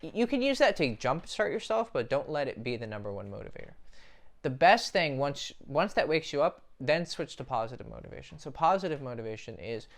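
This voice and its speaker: A man's voice: mid-range voice, sing-song, brisk. A young man giving dating advice as a coach, blunt and profane, talking straight to the viewer in a casual monologue.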